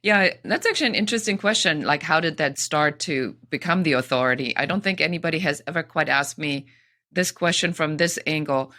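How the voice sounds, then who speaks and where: A woman who coaches people in business, a guest on an interview podcast, telling stories in an expressive way. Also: low-pitched, brisk. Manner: expressive, lively storytelling. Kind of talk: conversational interview.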